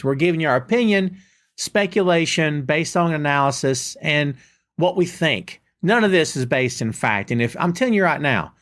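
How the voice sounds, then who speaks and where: A man hosting a casual podcast, his voice sitting a little higher than most. He is opinionated and speaks directly to his listeners, often repeating points for emphasis. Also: a bit bright. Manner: opinionated, talks straight to listeners. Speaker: podcast host. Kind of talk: casual chat.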